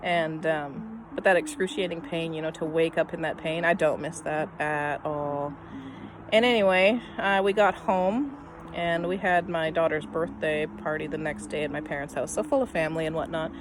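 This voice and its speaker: A woman's voice: low-pitched, moderate pace, noisy background. Rambling middle-aged woman telling a story. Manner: rambling, lots of "um" and "I mean"; trails off softly at ends of thoughts. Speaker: vlogger. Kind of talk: casual personal storytelling.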